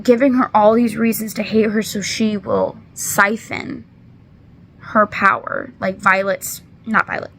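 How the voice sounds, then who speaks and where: A woman's voice: mid-range voice, gravelly, a bit bright, a little hiss or hum. A woman in her twenties casually recapping a book in a chatty, rambling, apologetic way, with many fillers, holding back tears. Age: 20s. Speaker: book reviewer.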